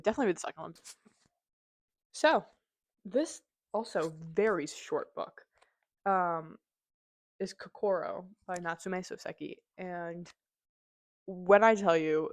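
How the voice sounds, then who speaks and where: A woman hosts a casual book review, talking in a gushing, chatty way full of "like" and "um". Her voice sits on the low side for a woman. The sound is dry and close, with no room around it. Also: measured pace, pauses often, no room sound. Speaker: book reviewer, channel host.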